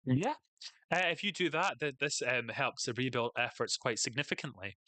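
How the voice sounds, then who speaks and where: A man narrating as game master of a tabletop game, halting and full of fillers as he describes scenes. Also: medium pitch, animated, pushed and bright, dry recording.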